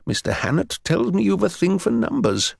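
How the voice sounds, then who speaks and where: A man's voice: high voice, very animated, moderate pace, creaky, dry recording, studio quality, pitched above the performer's own voice, heavily acted. A man voicing an older, pompous male headmaster with a haughty, condescending drawl.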